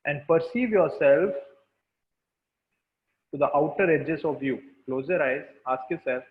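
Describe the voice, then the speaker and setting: A man's voice: a little high, measured pace. Man guiding a webinar over a tinny call. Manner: calm, repetitive instructions. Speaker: webinar facilitator. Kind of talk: guided energy exercise and group chat. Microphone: video call. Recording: tinny call audio with room echo.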